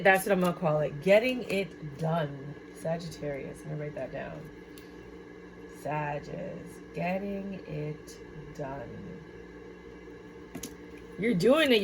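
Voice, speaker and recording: Excitable woman reading tarot. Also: mid-range voice, a little hiss or hum. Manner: excitable, chatty, exclaims and laughs often. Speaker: tarot reader. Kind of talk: casual tarot card reading.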